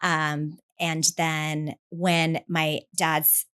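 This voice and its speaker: Fifties woman from new zealand, low voice, chatty and upbeat, telling her story. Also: little pitch movement, very slow, fairly bright tone, clear, resonant tone. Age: 50s. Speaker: guest, business founder. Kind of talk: casual interview chat.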